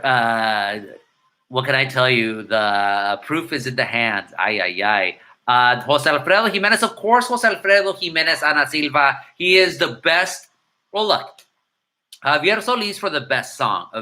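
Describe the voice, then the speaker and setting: A middle-aged man, casually answering viewer comments with irreverent, rapid-fire banter and slipping between Spanish and English. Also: mid-range voice, lively intonation, bright, forceful tone. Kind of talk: casual live-stream chat.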